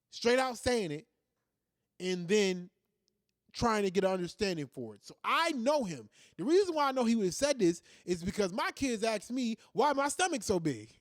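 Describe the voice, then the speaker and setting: A man, talking about parenting in a casual monologue. His voice sits high for a man and swings widely in pitch as he acts out what his kids said. The recording is dry and close, with no room sound. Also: no room sound. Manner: animated storytelling, acts out his kids' voices. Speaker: podcast host.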